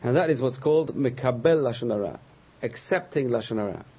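A man's voice: mid-range voice, expressive, fairly quick, slightly rough, muffled recording. A man teaching a Torah class as a rabbi, telling stories and acting out the voices of the people in them. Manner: storytelling, acts out quoted voices.

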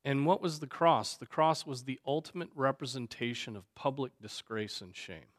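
A man, a pastor, teaching a Sunday school class in a conversational way, often stopping to ask "right?" and filling pauses with "um" and "you know". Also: medium pitch. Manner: conversational, many fillers and tag questions. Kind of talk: unscripted Bible class teaching.

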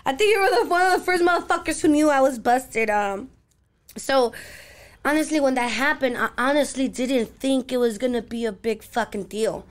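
High-pitched young woman from los angeles, guest on a podcast, swears a lot, easygoing storytelling. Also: normal speed. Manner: profane, laid-back storytelling with slangy asides. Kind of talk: casual chat.

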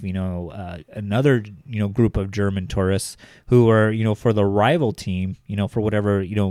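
A podcast co-host in his thirties from the Los Angeles area rambles through a casual chat, heavy on fillers like "like" and "you know." His voice is fairly low and a little mellow, captured in a dry, clean studio recording.

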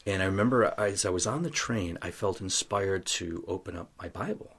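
Interview guest, male, deep husky voice, earnest storyteller who acts out dialogue. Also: fairly quick, a bit bright. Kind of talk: telling a personal faith story.

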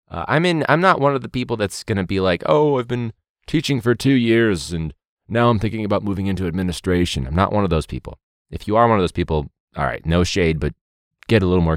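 A man's voice: low-pitched, no echo, clean studio sound. A young man, a teacher hosting a podcast, talking casually and animatedly, joking and mimicking others. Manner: animated, jokey, mimics people in a loud voice.

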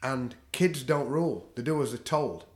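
A man's voice: medium pitch, animated, moderate pace. A middle-aged man with a Northern English accent, a podcast guest talking bluntly and swearing freely in casual chat. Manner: blunt, swears freely, laughs at own stories. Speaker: podcast guest, jiu-jitsu practitioner. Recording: echoey room.

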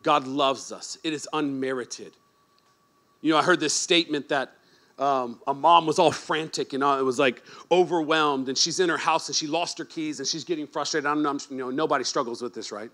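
A man preaching a sermon as pastor, animated and joking, moving from quiet asides to shouted emphasis. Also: on the high side, normal speed. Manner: joking, teasing the congregation.

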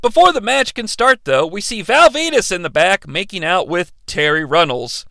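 A man's voice: sits high, lively intonation, moderate pace, vocal fry, sharp tone, dry recording. A man hosting a podcast who recaps old wrestling matches in a casual, profane and sarcastic way. He speaks into a close studio mic. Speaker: podcast host.

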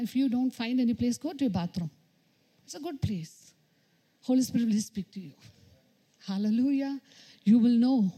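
Woman preaching, mellow voice. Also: a little high. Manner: repetitive exhortation, frequent hallelujahs. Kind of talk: sermon.

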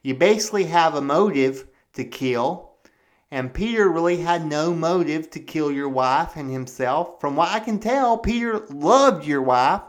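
A man playing a blunt police detective who calmly and matter-of-factly explains his reasoning. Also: on the high side, a little slow. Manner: matter-of-fact, patiently explaining. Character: blunt, level-headed male police detective.

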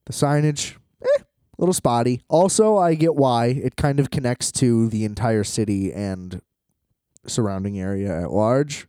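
A man's voice: mid-range voice, a little slow, warm tone, smooth, dry recording, clean studio sound. A man ranting casually about travel hassles, exasperated and profane, laughing often as he talks.

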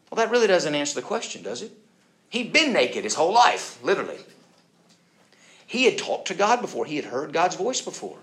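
Conversational preacher man, lively and questioning. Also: on the high side, fairly quick, vocal fry. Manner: animated, acts out quoted voices; conversational, asks listeners questions. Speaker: pastor. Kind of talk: sermon.

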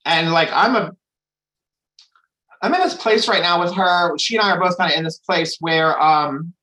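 A man's voice: fairly high pitch, moderate pace, bright, forceful tone, poor audio. A man sharing candidly at a recovery meeting, rambling with restarts and frequent swearing. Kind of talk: candid personal share.

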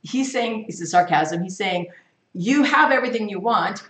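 A woman teaching a Bible study, reading scripture aloud with lively, emphatic stress. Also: medium pitch, moderate pace. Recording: echoey room.

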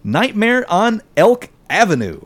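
A man's voice: sits high, wildly swooping pitch, unhurried, a bit bright. A man hosting a casual podcast, reading news items aloud and then chatting and joking with his co-hosts.

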